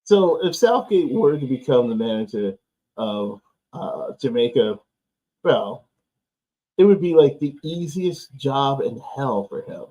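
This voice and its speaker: A man's voice: mid-range voice, very animated, unhurried, mellow. A man hosting a live football watchalong stream, talking loosely and sarcastically, swearing and laughing often. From United States. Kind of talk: casual live-stream chat. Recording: slightly dull, lo-fi stream audio.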